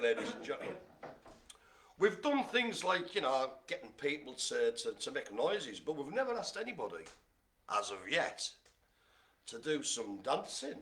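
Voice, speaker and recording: A middle-aged man hosting a live bingo game, chatty and jokey, speaking to his audience as ladies and gentlemen. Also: medium pitch, slight background noise. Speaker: bingo caller and host.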